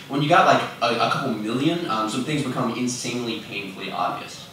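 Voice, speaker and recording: A man's voice: medium pitch, fast, few pauses, a bit bright, distant mic, a little hiss or hum. Chatty man in an echoey hall. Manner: chatty, self-deprecating, many fillers. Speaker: conference speaker. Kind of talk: casual conference talk. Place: large conference room. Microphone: fixed microphone, speaker moving around. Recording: roomy, from off-mic at times.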